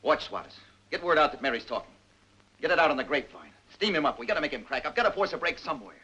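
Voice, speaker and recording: A hard-pressing, middle-aged police captain talks fast and forcefully. His voice is bright and slightly husky, with lively pitch that swings up when he pushes. He is stubborn and relentless. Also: lo-fi sound, full character voice. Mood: determined. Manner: forceful, pressing, rapid interrogator.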